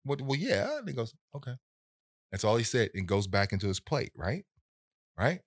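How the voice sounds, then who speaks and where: A man in casual conversation, telling a story in an animated way and acting out the voices of people in it. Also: medium pitch, moderate pace, slightly rough, dry recording.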